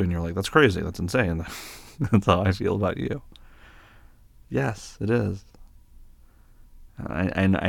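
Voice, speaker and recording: A young man doing a comforting boyfriend role-play, speaking gently and reassuringly into a close mic, with small stammers and soft laughs. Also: deep voice, creaky, no echo.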